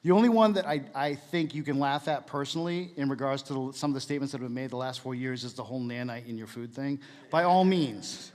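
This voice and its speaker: A man's voice: mid-range voice, quick pace, a little mellow, big-room sound. A man giving a casual, jokey church talk, asking the room questions as he goes.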